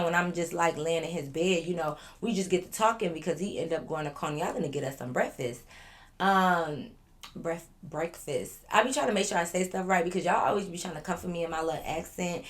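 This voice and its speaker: Woman vlogger, slightly low voice, chatty storyteller talking to her audience from her living room. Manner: chatty, addresses viewers directly, lively asides. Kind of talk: casual storytime to viewers.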